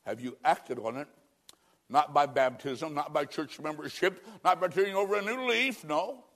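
A man preaching an evangelistic sermon, telling a story and pleading with dramatic swings between loud and hushed. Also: a little high, normal speed.

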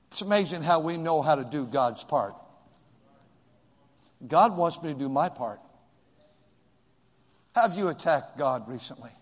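A man preaches in a high, ringing voice, his sermon rising to shouts and dropping to hushed pleas with long dramatic pauses. The sound carries a long reverb from a large hall. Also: lively intonation. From California.

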